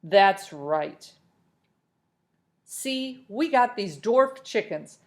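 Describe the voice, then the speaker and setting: A woman voicing a loud, angry bald construction foreman who hollers and blusters gruffly in a storybook reading. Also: mid-range voice, animated, very slow. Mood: blustering.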